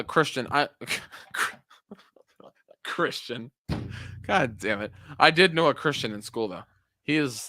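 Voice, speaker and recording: A young man chats on his podcast in a bright, forceful voice, recorded close and dry. He rambles from story to story, stumbles over his own words and swears freely. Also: mid-range voice, no room sound. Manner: rambling, self-interrupting, swears often. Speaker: podcast co-host. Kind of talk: casual chat.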